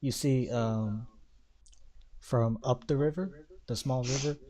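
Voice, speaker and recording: A man acting as game master for a tabletop game, describing caves, goblins and rivers. His voice sits at a middle pitch. He narrates loosely, stumbling over words and filling pauses with "like" and "uh". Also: mellow. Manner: loose, halting narration with many fillers.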